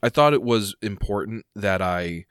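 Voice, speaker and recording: Low-voiced male game master, musing and halting, dry close sound. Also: expressive, fairly bright tone, clean tone, dry recording. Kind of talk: casual chat.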